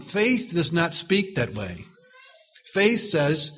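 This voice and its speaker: A man preaching a sermon in an earnest manner, reading out commentary quotes slowly. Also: fairly high pitch, big pitch swings, bright, forceful tone, husky, muffled recording.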